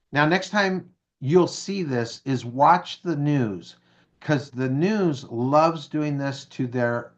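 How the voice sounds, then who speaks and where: A man's voice: fairly high pitch, muffled recording. A man being interviewed who tells a story with energy, acts out the dialogue and keeps asking "right?" and "okay?". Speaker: guest speaker.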